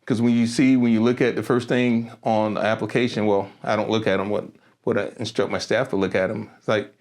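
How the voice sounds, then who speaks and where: A middle-aged man hosting a podcast interview, an animated storyteller who laughs often and repeats his words as he talks. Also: lowish voice, fairly quick. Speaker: podcast host. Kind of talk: casual interview chat.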